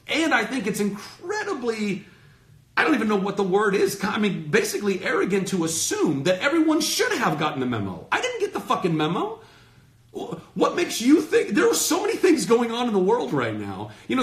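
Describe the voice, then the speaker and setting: A man's voice: high-pitched, fairly bright tone, reverberant. A man in his thirties hosting his own livestream, ranting passionately to his followers and swearing freely. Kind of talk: heated off-the-cuff rant to followers. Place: indoors, talking to a phone livestream. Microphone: phone.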